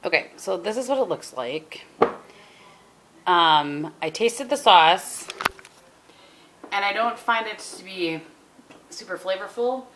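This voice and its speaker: A woman's voice: mid-range voice, lively intonation, slow pace, pauses often. A woman, rambling casually through a home vlog from her kitchen. She is chatty and throws in self-deprecating asides. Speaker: vlogger. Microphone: handheld compact camera. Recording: noisy home camera audio.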